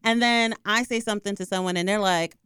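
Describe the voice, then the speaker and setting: A woman telling a personal work story in casual podcast chat, animated and full of "like". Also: medium pitch, a crowd in the background. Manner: animated storytelling, fast, lots of "like". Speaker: discussion participant.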